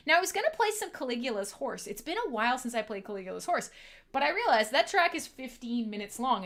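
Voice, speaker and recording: A woman's voice: fairly high pitch, pushed and bright. A woman hosting a casual livestream from home, joking with her chat in a profane, sarcastic, self-mocking way. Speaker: livestream host.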